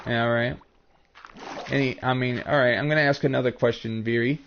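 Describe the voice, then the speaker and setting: A man from the United States with a Northern US accent, chatting casually with his live-stream viewers in a rambling, halting way full of restarts. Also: mid-range voice, fairly even intonation, vocal fry, dull audio, a little hiss or hum.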